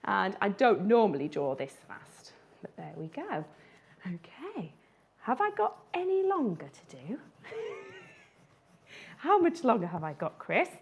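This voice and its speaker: Lively woman illustrator running a drawing class. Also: medium pitch, slow pace, creaky, long pauses, a little hiss or hum. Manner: chatty and playful, laughs often. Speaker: children's book illustrator. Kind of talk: live drawing tutorial.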